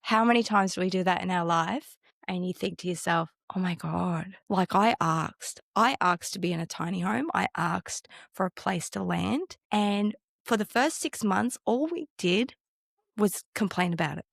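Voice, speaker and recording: A woman's voice: lowish voice, moderate pace, creaky, no room sound, studio quality. A woman chatting casually, telling anecdotes and acting out the lines of people in them. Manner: animated storyteller acting out quotes. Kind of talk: casual chat.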